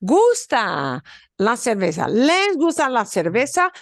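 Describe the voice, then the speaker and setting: A woman's voice: a little high, wildly swooping pitch, measured pace, vocal fry, no echo, clean studio sound. A woman teaching a beginners' Spanish class over a video call, explaining patiently and checking in with "okay?" often.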